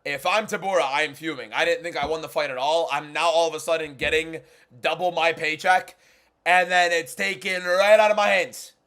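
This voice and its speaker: High-voiced man ranting in disbelief. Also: steady tone, normal speed. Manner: incredulous, repetitive exclamations, swings from muttering to shouting. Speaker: watchalong host. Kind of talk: live fight watchalong commentary.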